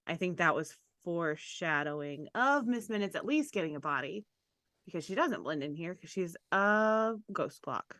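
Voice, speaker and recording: Woman cohost, bright sharp voice, laughs at herself a lot, dry close mic. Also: lowish voice, animated, moderate pace, no room sound. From Tennessee. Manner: self-deprecating, laughing. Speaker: podcast co-host. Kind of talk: casual chat.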